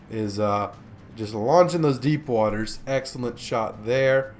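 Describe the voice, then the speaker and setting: A man's voice: mid-range voice, slow pace, a little mellow, faint music behind. A man casually commentating a warship game replay, joking and chatty with many fillers, sleepy from recording in the morning. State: sleepy, yawning. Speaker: gameplay commentator.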